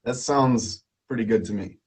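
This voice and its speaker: A man's voice: medium pitch, normal speed, a little mellow. A man hosting a live stream quiz in a playful way, laughing often and repeating himself.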